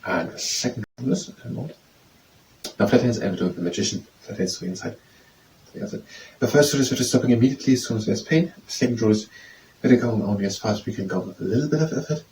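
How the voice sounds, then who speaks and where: A man works through French phrases, repeating each one slowly as he tries out the sounds. His voice sits in a middling register and comes from some distance off the mic, with a faint hiss of background noise underneath. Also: mid-range voice, expressive, a little mellow. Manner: slow, repetitive, trying out pronunciations. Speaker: language and exercise tutor. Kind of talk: practicing French phrases aloud, then leading exercises.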